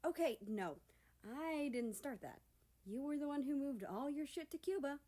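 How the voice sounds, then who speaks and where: A man's voice: very high voice, lively intonation, normal speed, mellow, pitched above the performer's own voice. A woman voicing a brash, teasing young man, a personified country, who is cocky but flusters easily. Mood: bantering.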